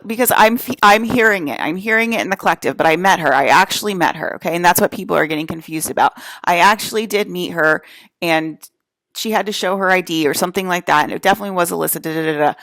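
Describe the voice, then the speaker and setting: A woman's voice: lowish voice, a bit bright, dry recording. A woman from New Jersey giving a rambling solo rant to camera, profane, emphatic and repetitive. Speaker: vlogger.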